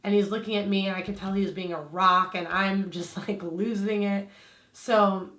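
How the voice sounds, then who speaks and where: A woman's voice: medium pitch, fairly even intonation, normal speed, fairly bright tone, roomy sound. A woman with a slight lisp telling a personal story to camera in a chatty vlog style. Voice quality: slight lisp from aligner trays. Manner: chatty, lots of "like" fillers. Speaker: vlogger.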